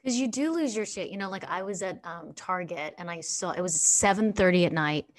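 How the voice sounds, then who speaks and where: A woman's voice: lowish voice, brisk, no room sound. A woman, hosting a podcast and chatting casually, peppered with "like". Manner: chatty, lots of "like", acts out quotes. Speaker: podcast host.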